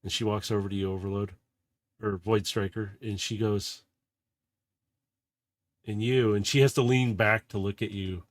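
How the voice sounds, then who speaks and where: A man running a tabletop game as game master, narrating softly and losing his voice. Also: on the low side, fairly even intonation, normal speed, dry recording, studio quality.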